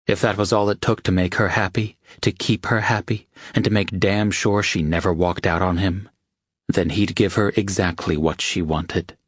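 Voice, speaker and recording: A man with a very low voice reads an audiobook in a steady, even way. The recording is dry and close. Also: normal speed, dry recording. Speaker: audiobook narrator. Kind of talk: scripted narration.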